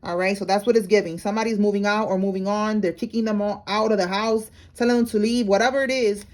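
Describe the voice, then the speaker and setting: A woman's voice: medium pitch, fairly even intonation, fast, a little mellow. A woman giving a casual tarot reading to her viewers, talking in a slangy, blunt way and calling them y'all. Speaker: tarot reader.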